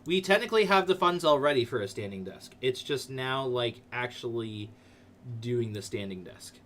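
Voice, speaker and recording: A man hosting a live stream in casual chat, loud, excitable and rambling. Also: mid-range voice, a little slow. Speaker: livestream host.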